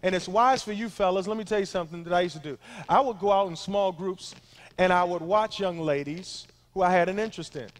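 Male pastor, middle-aged, high voice, chatty and funny sermon delivery with quick asides. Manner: conversational, humorous preaching with asides to the crowd.

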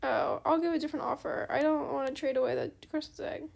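High, gravelly-voiced chatty woman gamer. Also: fast. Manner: chatty, apologetic, easily excited. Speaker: gaming channel host. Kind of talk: casual gameplay commentary.

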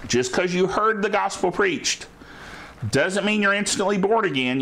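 A man preaching a sermon who reads scripture slowly and often asks the listeners "Amen?". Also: sits high, animated, a bit bright. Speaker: pastor.

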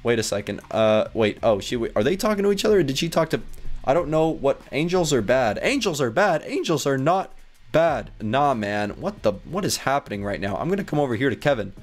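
A young man giving playful gameplay commentary, laughing often and reading chat aloud in a slow, dopey voice. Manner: excitable, laughs often, jumps higher when panicked. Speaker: gaming video host. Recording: faint background music.

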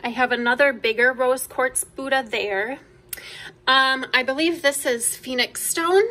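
Gushing young woman, bright voice. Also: sits high, unhurried. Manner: enthusiastic, gushing, drops to soft asides. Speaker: vlogger. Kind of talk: casual show-and-tell. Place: home room.

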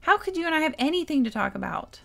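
A woman's voice: sits high, sing-song, fast talker, gravelly, a bit bright, soft background music, pitched above the performer's own voice, exaggerated voice. A woman voicing a sulky, rebellious teenage girl who answers with bratty, exasperated retorts, reading video game dialogue.

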